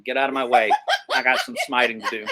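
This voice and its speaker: A man's voice: medium pitch, steady tone, fast talker, very noisy, lightly acted. A man casually voicing God as blunt and impatient. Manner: offhand, matter-of-fact.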